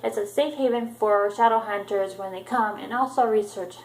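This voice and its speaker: A woman talks through a book chapter she has just read, casual and unscripted, tripping over words and filling pauses with ums. Her voice sits at an ordinary middle pitch, and the sound carries a noticeable echo off the room around her. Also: a little hiss or hum. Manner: loose retelling, many ums and restarts. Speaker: book vlogger.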